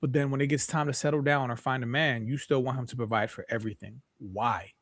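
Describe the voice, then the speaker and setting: A man's voice: medium pitch, steady tone, quick pace, no echo. A man co-hosting a podcast in casual chat, talking emphatically and asking repeated rhetorical questions. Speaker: podcast co-host.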